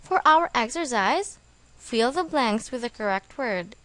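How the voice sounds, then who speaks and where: A woman reading a scripted English vocabulary lesson, slow and deliberate, spelling words out letter by letter. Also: a little high, lively intonation, fairly bright tone, dry recording. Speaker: English teacher.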